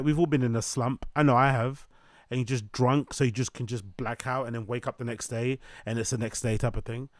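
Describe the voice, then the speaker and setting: A man's voice: mid-range voice, dry recording, studio quality. A man hosting a commentary show, ranting in an opinionated way and stacking up long lists of points. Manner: opinionated, rapid listing, sarcastic. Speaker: commentary channel host. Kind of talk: ranting commentary on a podcast clip.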